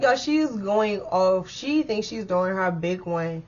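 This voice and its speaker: A young woman telling a personal story in a chatty, animated way, full of slang and speaking straight to her viewers. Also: mid-range voice, takes it slowly, few pauses, muffled recording, faint music behind. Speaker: storyteller vlogger. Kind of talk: casual storytime.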